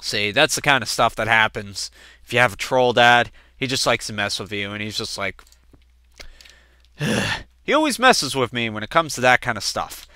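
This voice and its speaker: A man of twenty doing casual let's-play gameplay commentary, chatting and telling family stories in which he acts out quoted relatives with sudden jumps in pitch. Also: lively intonation, moderate pace, bright, forceful tone, clean tone, no echo. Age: 20s.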